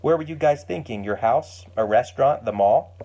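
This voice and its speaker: A man's voice: medium pitch, expressive, moderate pace, dark tone. A man voicing an emotional young mother of twins in a family story. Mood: tender.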